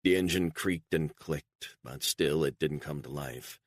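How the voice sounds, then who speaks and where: A man with a deep voice narrates a spy thriller audiobook. His reading is measured and even. The recording is dry and close. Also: dry recording. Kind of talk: scripted narration.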